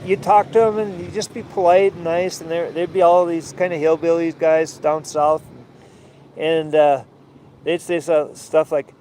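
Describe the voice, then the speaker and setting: Male sailor vlogger, rambling casual talk, slightly high, faint street noise. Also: little pitch movement, moderate pace, a little mellow. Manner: rambling, many fillers and restarts. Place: outdoors.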